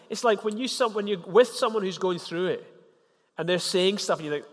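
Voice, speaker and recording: A man preaching a sermon, animated, rising in pitch and loudness to press his points. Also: a little fast. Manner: animated, rises in pitch and volume for emphasis. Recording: long hall reverb.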